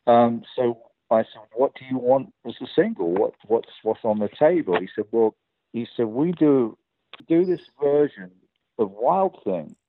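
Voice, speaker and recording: An older man with an English accent, a guest telling lively anecdotes and acting out the dialogue of the people in them. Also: mid-range voice, normal speed, no echo, narrow, tinny audio. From England. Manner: lively storyteller who acts out quoted dialogue with many restarts. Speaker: guest, record producer and guitarist.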